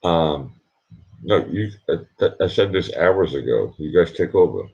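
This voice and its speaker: A man chatting casually on a live stream, keeping his voice hushed and rambling as he reads out his chat, at home at night. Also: low-pitched, lively intonation, measured pace, creaky, slight background noise. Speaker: livestreamer. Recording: dull lo-fi sound.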